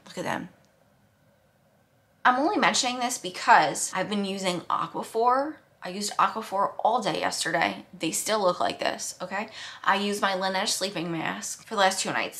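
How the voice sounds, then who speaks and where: Chatty young woman vlogging, bright voice. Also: medium pitch, moderate pace. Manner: chatty, says "like" often, drops to a whisper at times. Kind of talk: casual vlog chat.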